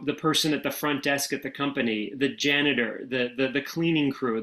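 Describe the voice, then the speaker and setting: Brief: American male interview guest, middle-pitched, relaxed anecdotal storyteller, plenty of fillers. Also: rough recording. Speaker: guest, former speechwriter.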